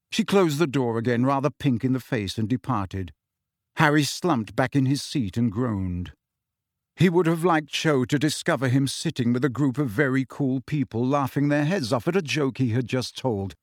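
A man narrating a fantasy audiobook in an expressive storytelling manner. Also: medium pitch, dry recording, clean studio sound. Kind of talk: scripted narration.

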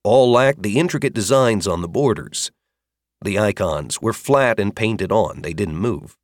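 A man narrating an audiobook fantasy chapter with expressive, varied storytelling. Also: fairly low pitch, measured pace, no echo, studio quality. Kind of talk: scripted narration.

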